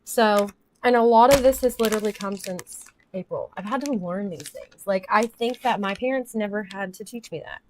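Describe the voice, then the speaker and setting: A woman's voice: medium pitch, normal speed, a little hiss or hum. A woman in her thirties, a livestreamer chatting candidly and emotionally about family life, rambling as she reads chat comments aloud. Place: home office.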